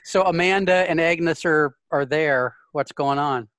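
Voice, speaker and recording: A man narrates a tabletop game as its game master, his voice sitting a little high. He talks casually, stumbling over restarts and cursing freely. The sound is dry and close. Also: measured pace, a bit bright, dry recording.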